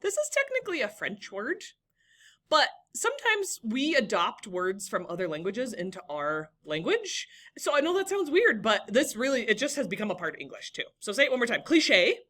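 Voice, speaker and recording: A woman's voice: fairly high pitch, very animated, moderate pace, fairly bright tone. A young woman teaching a classroom lesson, encouraging and talking to students by name.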